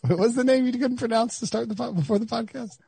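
A man's voice: extremely high pitch, fast, creaky, dark tone, husky, no echo. A man hosting a podcast in rambling, joking casual chat. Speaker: podcast host.

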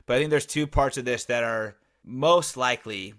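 A man's voice: mid-range voice, moderate pace, fairly bright tone. A man co-hosting a casual sports podcast, blunt and profane, telling stories with animation. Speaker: podcast co-host.

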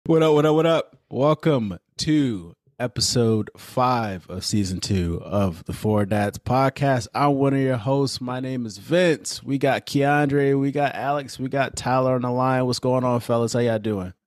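A man's voice: medium pitch, a little slow, few pauses, no echo, studio quality. A man hosting a casual podcast with his friends, upbeat and laughing often as he hypes the others. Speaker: podcast host.

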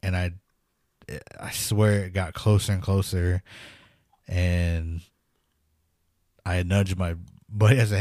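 Deep-voiced man telling a spooky story. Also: moderate pace, dry recording, studio quality. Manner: animated storyteller, laughs nervously, acts out quotes. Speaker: podcast co-host. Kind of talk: casual storytelling chat.

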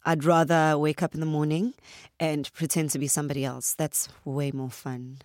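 A woman from South Africa with a Zulu accent, an actress talking lively in a radio studio interview with frequent ums. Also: deep voice, normal speed, no echo. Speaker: actress, guest. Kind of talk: conversational interview.

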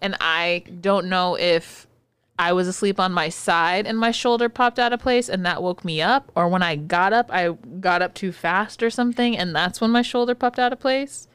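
A woman with a lowish, smooth and resonant voice chats on a podcast, telling stories in an animated, profane way. The sound is dry and close. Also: moderate pace, dry recording. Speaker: podcast co-host; occupational therapist. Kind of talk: casual chat.

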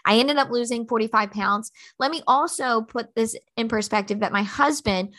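A woman's voice: on the high side, normal speed, fairly bright tone. A woman in her thirties hosting a motivational podcast, talking bluntly and emphatically with lots of fillers. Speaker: podcast host.

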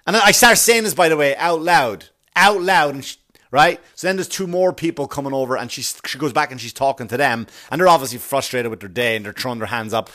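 Podcast host, male, a dad, sarcastic profane ranter, voice a touch higher than most men's. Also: pushed and bright. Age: adult father. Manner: sarcastic, exasperated, swears constantly. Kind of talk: profane ranting monologue.

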